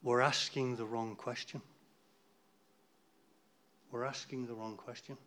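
A man's voice: medium pitch, flat delivery, slow, a bit bright, slight background noise. A man giving an informal, rambling talk to a church group, chatty and losing his place now and then.

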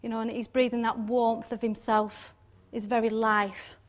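Woman, informal Bible teacher, slightly high-pitched, chatty with frequent tag questions. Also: flat delivery, moderate pace. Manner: chatty, laughs often, many tag questions. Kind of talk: informal devotional talk.

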